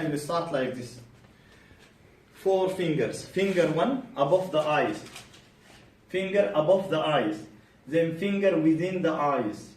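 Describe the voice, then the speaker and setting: A man teaching a bedside clinical exam to students, animated and quizzing them repeatedly. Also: a little high, slow, pauses often. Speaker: medical exam tutor. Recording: roomy, distant, faint background hum.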